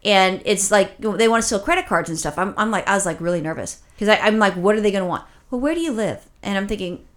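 Woman co-host, casual chat. Profane, exasperated storyteller, rambling and animated. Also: medium pitch. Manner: animated, rapid rambling with restarts. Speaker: podcast co-host.

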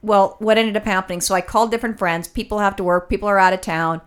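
A woman tells a rambling story in casual conversation. She swears freely and acts out what other people said. Her pitch sits in the middle for a woman. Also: fast talker, clear, resonant tone. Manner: animated, profane storytelling with acted-out quotes. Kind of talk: casual chat.

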